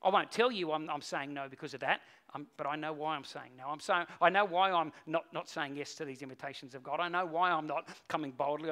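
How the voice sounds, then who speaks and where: A man preaching a sermon in a high, bright voice. He tells stories, climbing to loud, urgent peaks and then dropping into low, quiet stretches. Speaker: pastor.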